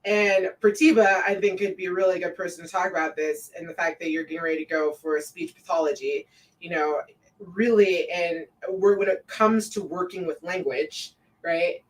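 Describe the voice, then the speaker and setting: Woman from colorado, podcast host, chatty and animated, sitting back from the mic. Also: on the low side, moderate pace, recorded from a distance, poor audio. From Colorado, USA. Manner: animated, laughing, swearing freely. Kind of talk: casual conversation.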